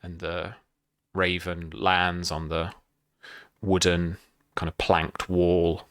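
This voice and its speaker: A man narrating as game master for a tabletop game, pausing often with fillers. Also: low voice, little pitch movement, a bit bright, clean tone, no echo, studio quality. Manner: hesitant, many fillers.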